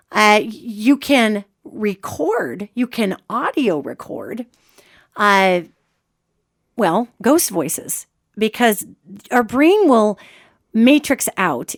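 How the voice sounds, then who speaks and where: Woman host talking casually, lively and instructive, medium pitch. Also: no room sound, studio quality. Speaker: podcast host. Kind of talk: casual advice talk.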